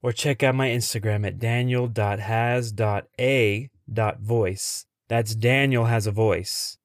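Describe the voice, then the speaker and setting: Low-voiced man narrating a tense story. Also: fairly even intonation, takes it slowly, no echo, studio quality. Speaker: podcast host and storyteller. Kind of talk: dramatic first-person story narration.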